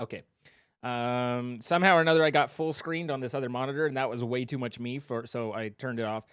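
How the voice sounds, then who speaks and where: A man's voice: mid-range voice, steady tone, fairly quick, fairly bright tone, clean tone, no echo, clean studio sound. Playful man reading out stream donations. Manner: reads out donor names, playful joking asides. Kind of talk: casual live-stream chat.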